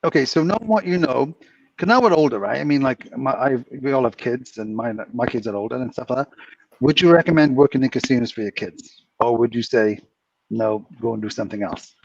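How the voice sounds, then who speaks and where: A man's voice: medium pitch, fairly quick, vocal fry, a little mellow, breathy edge, dry recording. A British man co-hosting a casual chat, telling rambling stories with frequent laughs. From Britain. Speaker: co-host. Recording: distant muffled mic.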